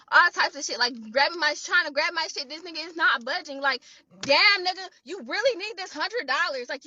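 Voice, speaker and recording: A woman tells a rowdy storytime, voice high and bright. She is profane and animated, and she acts out everyone's lines. The recording is dry and a little dull. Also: no room sound. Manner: profane, animated retelling with acted-out quotes. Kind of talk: casual storytime vlog.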